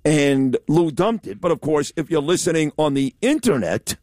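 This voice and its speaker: A man's voice: fairly high pitch, expressive, normal speed, darkish tone, no echo, studio quality. A man hosting a radio talk show, talking in a blunt, emphatic, rambling way. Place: radio studio. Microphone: studio mic.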